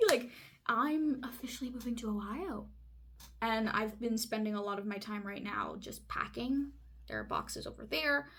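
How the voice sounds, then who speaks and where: A young woman from California telling a personal story in an excitable, chatty way, full of fillers. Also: a little high, slight background noise. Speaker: vlogger. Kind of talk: casual chat.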